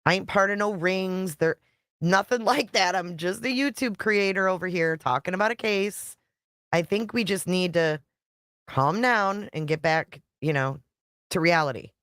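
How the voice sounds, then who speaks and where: Lower-ish voiced woman rambling on her livestream, blunt and chatty, dead dry mic. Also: moderate pace, a bit bright, clean tone, no echo. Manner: chatty, laughs often, swears casually. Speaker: YouTube creator live-streaming. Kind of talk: casual live-stream chat reading comments.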